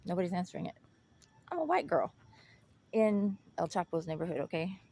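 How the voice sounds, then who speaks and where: A woman's voice: fairly low pitch, sing-song, fairly quick, creaky, warm tone, slightly rough. A young woman telling a personal story in casual chat, blunt and full of swearing, laughing often.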